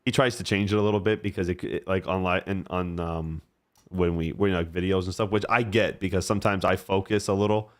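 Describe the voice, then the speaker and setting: A man's voice: low-pitched, fairly even intonation, brisk. A man with a New York accent, co-hosting a casual livestream chat, who jokes and laughs often. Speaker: livestream co-host.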